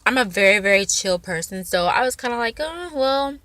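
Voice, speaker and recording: A woman's voice: mid-range voice, fast talker, dry recording. A woman vlogger telling a personal story in a rambling, casual way, full of fillers. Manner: rambling, filler-heavy, animated retelling.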